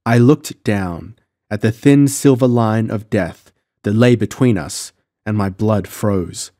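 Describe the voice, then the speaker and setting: A man narrating a pulp adventure audiobook in the first person, measured and dramatic. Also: on the low side, mellow, no room sound, studio quality.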